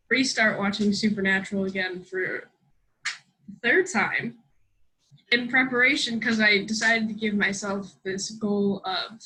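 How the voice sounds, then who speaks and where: A young woman co-hosting a podcast, rambling excitably in casual chat and swearing freely. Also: mid-range voice, low-quality recording. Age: young adult. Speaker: podcast co-host.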